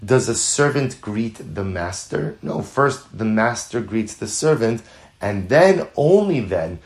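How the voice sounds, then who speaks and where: A Torah teacher leads a Talmud class, speaking earnestly in a fairly low voice at a slow pace. He repeats phrases for emphasis, sprinkles in Hebrew and Yiddish terms, and works up to lively, louder stretches.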